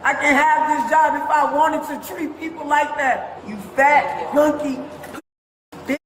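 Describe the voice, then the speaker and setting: Speaking at a measured pace in a high voice with fairly even intonation, this woman is a driver detained by police, raging, swearing, and threatening the officers. The heated exchange plays out at a police stop and in a hospital room, captured in an echoey space with long reverb and a bit of faint noise.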